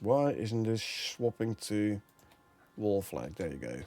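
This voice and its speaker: A man's voice: lowish voice, very animated, takes it slowly, darkish tone. A man from the Netherlands with a Dutch accent, streaming a game and chatting with viewers, thinking aloud and laughing often. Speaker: gameplay streamer. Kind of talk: casual live-stream commentary.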